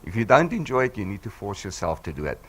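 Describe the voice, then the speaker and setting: Husky, hoarse man in his sixties. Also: on the low side, big pitch swings, quick pace. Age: 60s. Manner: emphatic, encouraging, repeats for effect. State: hoarse from flu. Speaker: business team speaker. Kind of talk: motivational speech to a live audience. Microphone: handheld microphone.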